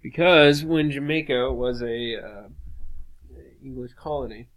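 A man's voice: mid-range voice, unhurried. A young man co-hosting a podcast, telling made-up stories with a straight face and laughing at them. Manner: deadpan tall tales, laughing. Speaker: podcast co-host. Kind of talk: casual joking banter.

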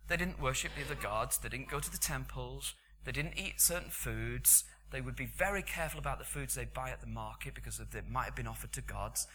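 A man's voice: mid-range voice, bright, forceful tone, slight background noise. A middle-aged British man giving a sermon in a conversational, storytelling way. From Britain. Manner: conversational storytelling, chuckling asides. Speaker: preacher.

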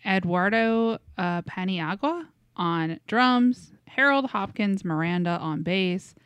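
A woman's voice: medium pitch, slow pace, fairly bright tone, smooth, no echo. Chatty woman on a dry close mic. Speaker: podcast co-host. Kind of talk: casual chat.

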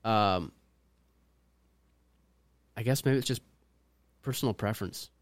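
A man co-hosting a podcast in casual chat, talking loudly and punchily. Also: on the low side, a little slow, dry recording, clean studio sound. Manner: loud, punchy delivery. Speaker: podcast co-host.

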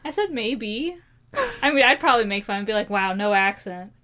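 Giggly high-voiced American woman chatting. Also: animated, bright, forceful tone. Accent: Maryland American. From Maryland, USA. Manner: giggly, playful, quick asides. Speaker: podcast co-host. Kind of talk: casual chat.

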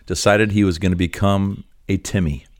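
A man's voice: low-pitched, steady tone, normal speed, dry recording, studio quality. A Canadian man co-hosting a podcast, chatting casually and laughing often. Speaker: podcast co-host, pastor. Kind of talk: casual chat.

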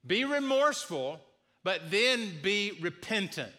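Bright-voiced male preacher, earnest. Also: sits high, big pitch swings, slow. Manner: earnest, repeats key phrases, acts out sample apologies. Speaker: pastor. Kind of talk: sermon.

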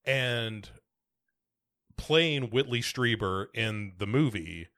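A man's voice: lowish voice, expressive, slow pace, a bit bright. An American man co-hosting a podcast, chatting casually about a film with many fillers and restarts. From United States. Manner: rambling, full of fillers and restarts. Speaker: podcast co-host.

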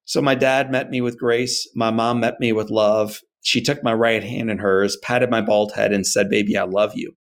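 A man being interviewed, telling a personal story in an earnest, animated way and acting out his parents' words. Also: fairly low pitch, normal speed, few pauses. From United States. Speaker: guest.

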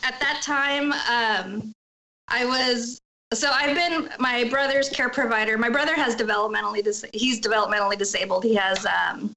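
A woman's voice: fairly high pitch, normal speed, pushed and bright, low-quality recording. A middle-aged woman candidly telling a personal story as an interview guest, acting out what others said in emotional retellings. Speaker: guest sharing her story.

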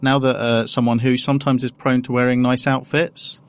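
A man's voice: medium pitch, little pitch movement, moderate pace, smooth. A man chats casually as a podcast co-host. He rambles and restarts his sentences often, trailing through one point after another. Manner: hesitant, rambling with many restarts. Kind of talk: casual chat.

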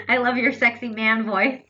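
A woman's voice: fairly high pitch, steady tone, takes it slowly, pushed and bright, slightly rough, muffled recording. A woman co-hosting a podcast, chatting playfully and telling a candid personal story. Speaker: podcast co-host. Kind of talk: casual chat and personal storytelling.

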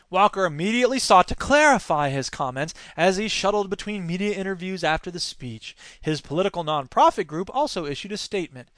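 A man hosting a news commentary podcast, reading stories with sarcastic, animated asides. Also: high-pitched, fairly quick, few pauses, no echo. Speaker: podcast host.

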